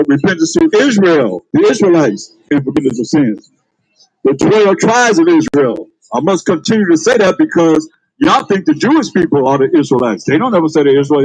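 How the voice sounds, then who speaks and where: Husky high-voiced man street preaching. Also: no echo, low-quality recording. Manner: calls out to passers-by, emphatic, laughs. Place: outdoors on a street.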